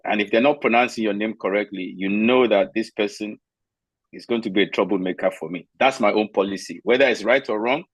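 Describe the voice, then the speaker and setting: A man's voice: fairly low pitch, a little fast, dry recording, low-quality recording. A man from Nigeria on a video call, telling stories from his own life and giving firm, candid advice. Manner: emphatic, candid storyteller, gives firm advice.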